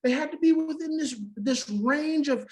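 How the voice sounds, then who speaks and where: High-voiced woman teaching emphatically. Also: normal speed, darkish tone, poor audio. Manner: emphatic, repeats key phrases, acts out quoted reactions. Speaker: conference speaker on adoption parenting. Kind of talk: teaching talk to an audience.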